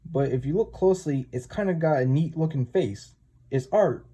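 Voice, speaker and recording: A man voicing a small, chatty male elf sprite with a squeaky, excitable delivery. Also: moderate pace, husky. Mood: amused.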